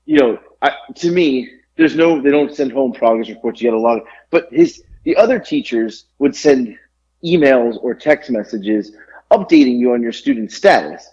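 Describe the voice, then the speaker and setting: Husky man rambling on a podcast. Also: medium pitch, very animated, normal speed, a little mellow. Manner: rambling, many fillers and restarts. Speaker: podcast co-host. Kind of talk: casual chat. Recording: muffled lo-fi recording.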